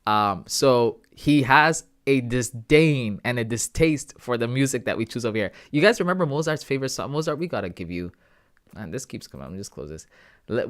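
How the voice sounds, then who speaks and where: A young man hosting a live trading stream, thinking out loud and talking casually to his viewers. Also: mid-range voice. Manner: thinking aloud, talks to chat with "guys" and "bro". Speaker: trading livestream host.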